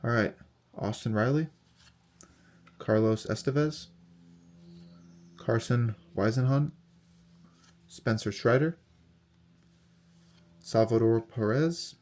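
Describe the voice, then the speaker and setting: A young man casually talking through a card unboxing, reading off player names in a steady, relaxed list. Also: mid-range voice, slow pace, pauses often. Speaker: card collector unboxing host.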